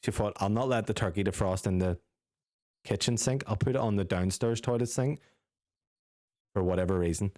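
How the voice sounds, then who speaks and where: Young man, lowish voice, dry room, sweary storyteller, podcast co-host. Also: a little fast, pauses often, warm tone, no room sound. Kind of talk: casual storytelling with friends.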